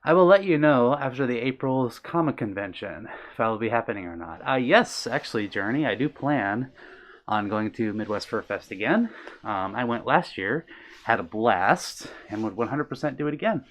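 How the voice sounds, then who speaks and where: A man's voice: mid-range voice, lively intonation, normal speed. Friendly man chatting on a live stream. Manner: friendly, reads chat messages aloud, many ums. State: a little out of breath. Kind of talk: casual live-stream chat. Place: his own room on stream.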